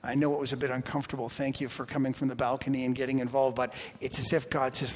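A man preaching a sermon to a congregation in a church, swinging from loud emphasis to hushed, quiet phrases. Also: mid-range voice, little pitch movement, fast, few pauses. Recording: long hall reverb.

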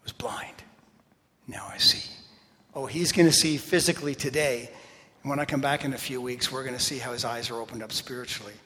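An animated preacher in a reverberant hall. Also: male voice, medium pitch. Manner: energetic, emphatic, quick asides with laughter. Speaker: pastor. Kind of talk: sermon. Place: church sanctuary. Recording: long reverb of a large hall.

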